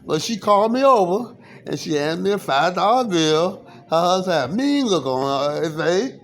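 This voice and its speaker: A man with a noticeably high-pitched speaking voice recounts his side of the story at length. His account rambles, and he stumbles and restarts often, repeating phrases as he goes. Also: very animated, a bit bright. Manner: halting, repetitive, frequent restarts and fillers.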